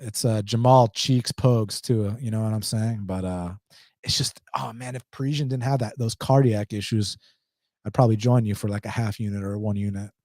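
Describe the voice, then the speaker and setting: A host with an Atlanta accent runs a live stream, reading questions from chat and answering them in a blunt, casual, slangy way. His voice is on the low side and darkish, with a steady tone and normal speed, in clean studio sound without echo.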